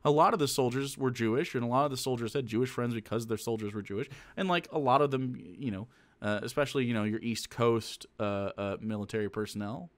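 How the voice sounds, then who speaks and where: A man's voice: medium pitch, quick pace. A man commenting casually on a stream, rambling with lots of fillers, swearing and getting worked up.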